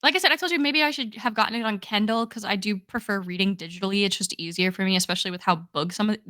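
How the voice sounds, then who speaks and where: Young female podcast co-host, bright and chatty, dry recording. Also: mid-range voice, very fast, no room sound. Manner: chatty, enthusiastic, many "like"s. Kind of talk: casual chat.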